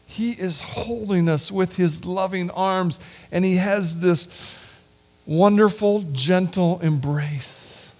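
A man preaching a sermon and leading a prayer in a church, earnest and heartfelt, sometimes sinking to a hushed whisper. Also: high voice, slow. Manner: earnest, drops to a hushed whisper at tender points. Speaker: lay preacher. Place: church sanctuary.

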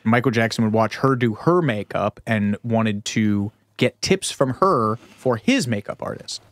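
A man's voice: lowish voice, expressive, unhurried, dry recording. A man co-hosting a podcast, telling stories in a playful, casual way. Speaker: podcast co-host. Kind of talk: casual chat.

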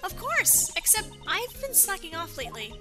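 A woman doing a chirpy, excitable teen girl. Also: very high voice, normal speed, pitched above the performer's own voice. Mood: eager. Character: bubbly hyper teen girl spirit medium. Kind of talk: voicing game dialogue. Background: game music.

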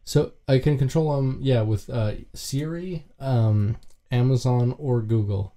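A man's voice: mid-range voice, a little slow, warm tone. A man co-hosting a podcast in casual chat, rambling and stumbling over his words. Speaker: podcast co-host.

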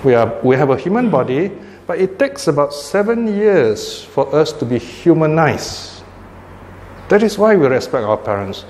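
A man's voice: on the high side, sing-song, moderate pace, darkish tone. Older man, Buddhist teacher, chatty informal talk, long hall reverb, faint room noise. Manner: conversational, frequent "you know" and "right?" tags.

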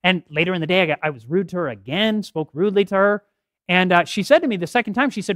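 A middle-aged man giving a health talk at a church podium, telling stories with lively acted quotes. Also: high-pitched, fast talker, no echo, clean studio sound. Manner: animated storytelling with acted quotes. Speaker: health seminar speaker. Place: church hall. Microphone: podium mic.

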